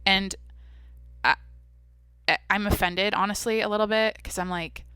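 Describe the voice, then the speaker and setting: Young woman, solo podcast host, blunt and foul-mouthed, tense bright voice, no room sound. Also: mid-range voice, fairly even intonation, normal speed, clean tone, no room sound. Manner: brash, profane, blunt. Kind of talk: casual solo podcast chat.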